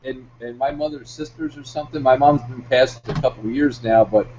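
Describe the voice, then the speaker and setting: A man's voice: medium pitch, a little fast, a crowd in the background. A man in a casual group voice chat who stammers and repeats words. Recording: lo-fi voice chat with faint noise.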